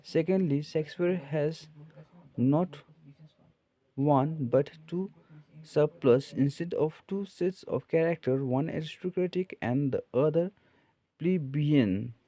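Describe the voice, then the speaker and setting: Slow, mellow-voiced man reading study notes. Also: on the high side, rough recording. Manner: slow, measured reading with frequent pauses. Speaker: lecturer explaining a set text.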